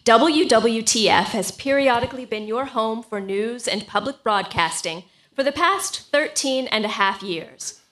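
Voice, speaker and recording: A woman's voice: on the high side, fairly bright tone. A woman voicing a prim public radio announcer. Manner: measured station-announcer delivery.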